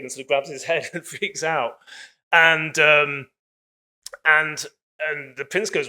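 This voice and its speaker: Bright-voiced man giving a casual lecture. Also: fairly high pitch, unhurried, clean tone. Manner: casual, digressive, many hedges. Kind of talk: public lecture.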